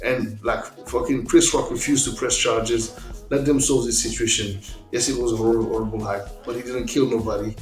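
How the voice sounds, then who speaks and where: A man with a mid-pitched voice speaks as a guest on a casual podcast, in a blunt, worked-up way. He stumbles and restarts his sentences often. His voice rings in an echoey room over faint music. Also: steady tone, a little fast. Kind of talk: casual chat.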